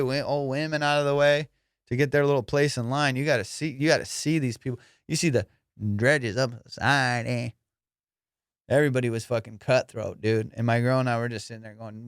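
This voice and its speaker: A young man, a comedian hosting his podcast, telling a profane, animated story. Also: medium pitch, fairly quick, clear, resonant tone, dry recording, studio quality. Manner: profane, animated, acts out voices. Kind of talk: casual storytelling.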